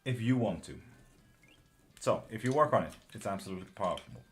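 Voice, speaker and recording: A man doing live tarot readings, chatting breezily with viewers and answering questions quickly, with casual swearing. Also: lowish voice, animated, soft background music. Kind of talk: casual live-stream chat.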